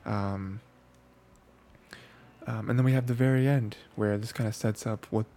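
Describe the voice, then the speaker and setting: A man's voice: fairly low pitch, fairly even intonation, moderate pace, dark tone. A man hosting an anime review show, talking casually with lots of fillers and restarts. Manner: rambling, filler-heavy, frequent restarts.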